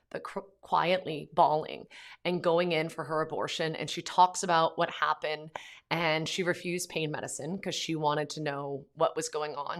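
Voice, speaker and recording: A woman in her thirties hosting a podcast, talking in an earnest, conversational way with lots of fillers. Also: low voice. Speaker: podcast host. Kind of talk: casual monologue.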